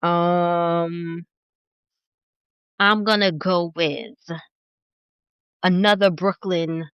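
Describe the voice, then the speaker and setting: A woman from New York, a podcast guest, telling stories in an animated, emphatic way. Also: lowish voice, drawn-out words, clean tone, no room sound, highs cut off. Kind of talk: casual conversation.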